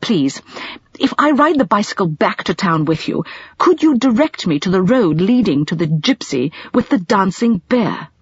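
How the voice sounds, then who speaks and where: A woman's voice: medium pitch, very animated, moderate pace, slightly rough, no room sound, muffled recording, voice pushed up. A woman voicing a determined young male traveller who speaks in an earnest, clipped way, in a storybook reading.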